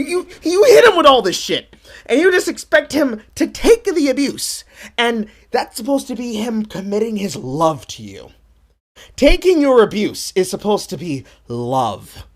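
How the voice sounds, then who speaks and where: A woman hosting a stream, ranting sarcastically and profanely in a comedic commentary. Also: high-pitched. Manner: animated, sarcastic rant with voices. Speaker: streamer host.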